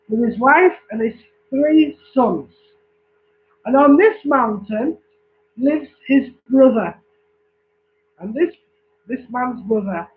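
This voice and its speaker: Slow, high-voiced man telling a joke. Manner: slow, repetitive storytelling with check-ins. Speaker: joke teller. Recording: tinny phone-like recording.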